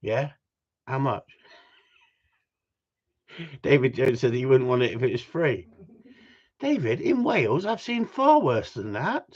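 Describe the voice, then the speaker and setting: A man's voice: mid-range voice, big pitch swings, measured pace, long pauses, breathy edge. A man, hosting a casual live stream, reading out viewer comments and teasing his audience with jokes and mild swearing. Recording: dull lo-fi sound.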